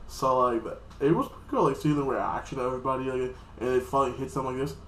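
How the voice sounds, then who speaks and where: A man's voice: mid-range voice, a bit bright, echoey room, a little hiss or hum. A man casually recapping an anime episode in a loose, rambling way, often acting out the characters' lines. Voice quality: acts out characters' lines in quick voices. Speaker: anime reviewer.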